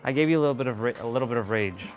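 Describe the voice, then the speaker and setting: A man streaming himself at play, tossing out playful trash talk and curses at the game's enemies. His voice sits at an ordinary middle pitch, and music plays clearly behind him. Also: rapid-fire, poor audio. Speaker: live streamer playing a video game. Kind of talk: casual live-stream gameplay chat.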